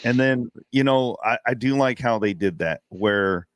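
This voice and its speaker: A man's voice: mid-range voice, unhurried, dry recording. A man co-hosting a casual podcast movie discussion, recapping scenes loosely. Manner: relaxed, loose recaps with "you know". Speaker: podcast co-host.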